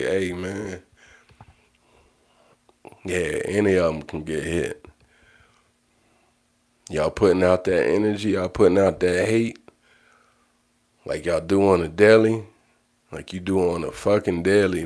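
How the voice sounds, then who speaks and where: A man with a low, deep voice speaks in a casual livestream monologue. He is blunt and profane and circles back to repeat his points. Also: fairly even intonation, measured pace, pauses often, darkish tone. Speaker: livestream host.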